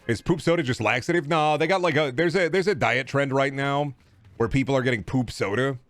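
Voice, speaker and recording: A man's voice: mid-range voice, fairly quick, fairly bright tone, no room sound. A young man streaming, rambling jokily and swearing in casual chat. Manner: jokey, profane, slips into silly put-on voices.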